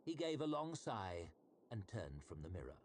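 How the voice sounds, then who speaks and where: A man with a lowish voice reads a fantasy novel aloud in a measured, expressive way. His pitch rises and falls widely through each sentence, and a faint background noise sits under the reading. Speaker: narrator. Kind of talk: audiobook-style fantasy narration.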